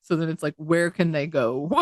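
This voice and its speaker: A woman's voice: sits low, very animated, takes it slowly, a bit bright, dry recording, studio quality. A woman co-hosting a podcast in casual chat, talking indignantly at length and swearing freely. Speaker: podcast co-host.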